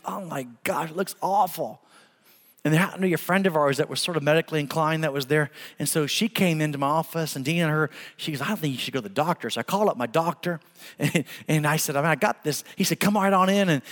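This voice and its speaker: High-voiced pastor man in a hall. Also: fairly bright tone. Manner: storytelling, emphatic, with laughs. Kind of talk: sermon. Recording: long hall reverb.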